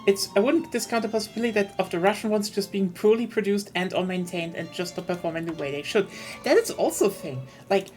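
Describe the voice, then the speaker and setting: A woman's voice: medium pitch, fast talker, hardly any pauses, a little mellow, faint music behind. A woman streaming a strategy game, chatting casually and explaining at length as she thinks aloud. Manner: explanatory, thinks aloud in long winding turns.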